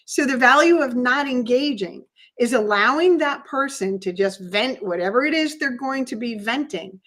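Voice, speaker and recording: Female podcast host, high-ish voice, steady explainer. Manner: steady, teaching tone, repeats key points. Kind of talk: calm explanatory talk.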